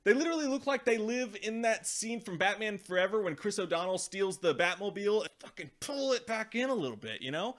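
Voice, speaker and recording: A man with a fairly high, slightly bright voice hosts a movie review vlog, ranting with profanity and exasperation. He sometimes slips into mocking impressions of the characters.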